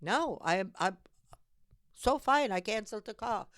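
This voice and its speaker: Speaking directly to camera, the European host of a civic call-to-action show gives an impassioned monologue pressing listeners to get involved, exhorting them urgently and repeating points for emphasis. Her medium-pitched voice is fairly bright with lively intonation and a moderate pace. The recording has no room sound.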